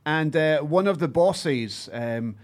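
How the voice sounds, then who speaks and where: A man's voice: on the high side, expressive, slow, darkish tone. A Scottish man hosting a podcast, steadily steering the talk and reading sponsor plugs. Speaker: podcast host.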